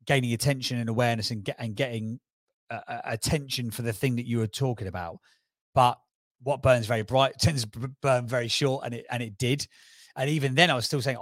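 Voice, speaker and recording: A man with a Cockney accent, talking as a guest on a podcast interview, enthusiastic and persuasive with quick restarts. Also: medium pitch, no room sound, clean studio sound. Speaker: podcast guest, brand strategist.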